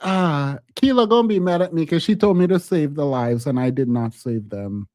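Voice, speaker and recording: A man's voice: a little high, normal speed, a little mellow, dry recording, studio quality. A man hosting a live stream, telling a story in a casual chat and laughing often. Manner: laughs often, talks animatedly.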